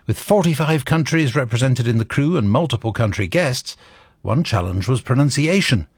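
A man's voice: mid-range voice, lively intonation, normal speed, breathy edge, dry recording. A man presenting a radio show in a studio, chatting casually on air in a hesitant, wry way, full of fillers and restarts.

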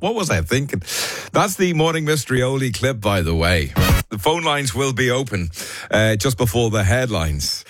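A man's voice: mid-range voice, lively intonation, quick pace, dry recording, faint music behind. A man hosting a breakfast radio show from a studio, chatting casually and amusing himself with his stories. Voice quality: chatty, self-amused storyteller. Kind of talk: casual chat. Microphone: studio microphone.

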